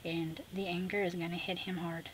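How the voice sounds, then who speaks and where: A woman vlogger who chats casually while she works on a sketchbook collage, talking to herself and often dropping to a soft murmur. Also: lowish voice, level tone, moderate pace, very noisy. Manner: chatty, talks to herself while working, drops to a soft murmur. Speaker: craft vlogger. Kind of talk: casual talk while crafting.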